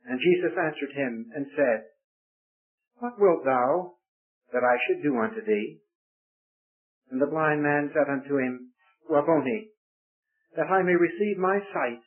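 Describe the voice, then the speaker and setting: Male preacher, measured, emphatic scripture reading and prayer, raised voice, lo-fi recording. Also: fairly high pitch. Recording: tinny, phone-like lo-fi recording.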